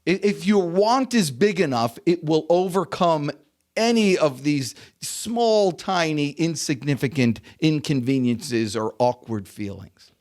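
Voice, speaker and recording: Animated American man, lively swooping voice. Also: on the high side, measured pace. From United States. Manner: animated, acts out quoted voices, chuckles between points. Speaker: guest sales coach. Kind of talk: casual interview storytelling.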